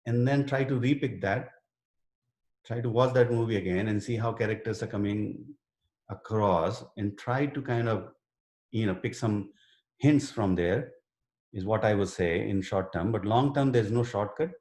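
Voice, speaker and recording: A man's voice: on the low side, normal speed, a little mellow. Man teaching writing in an echoey room. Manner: earnest, explains with many fillers and restarts. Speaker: writing instructor. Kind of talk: live online workshop Q&A. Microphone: video call.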